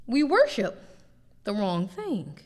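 A woman teaching a sermon in an animated, conversational way, acting out little asides as she preaches. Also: mid-range voice, slow, long reverb tail. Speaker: pastor, Bible teacher. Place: church sanctuary.

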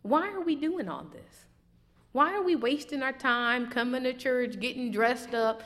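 A woman preaching a sermon, with a fairly high voice. She swings between loud, emphatic questions and quiet reflection. A long hall reverb trails her words. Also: animated, measured pace.

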